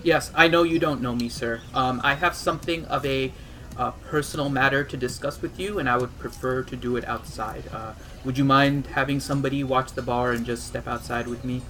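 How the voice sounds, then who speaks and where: A man's voice: medium pitch, steady tone, brisk, sharp tone, a little hiss or hum, poor audio. A man playing a tabletop game, speaking casually and hesitantly, and politely when he voices his character. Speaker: player.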